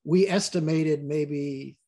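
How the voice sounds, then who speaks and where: A man's voice: fairly high pitch, takes it slowly, warm tone. An older man talking as a guest in a casual interview, rambling and repeating words as he tells stories.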